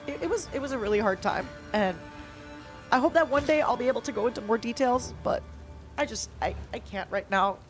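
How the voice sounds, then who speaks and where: A woman streamer talking in a candid, confiding and halting way as she chats live while gaming. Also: a little high, soft background music.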